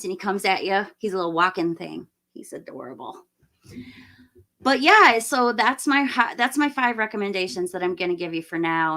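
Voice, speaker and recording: A middle-aged woman hosting a live stream, chatting enthusiastically and rambling with fillers, her voice slightly hoarse as she loses it. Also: mid-range voice, fairly bright tone. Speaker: livestream host. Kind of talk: casual live-stream chat.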